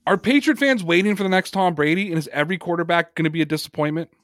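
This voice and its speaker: Brief: talkative male podcast host, higher-pitched voice, dry close sound, emphatic and chatty. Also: very fast, fairly bright tone, no room sound. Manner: emphatic, talkative, reads chat comments aloud. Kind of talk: casual sports talk.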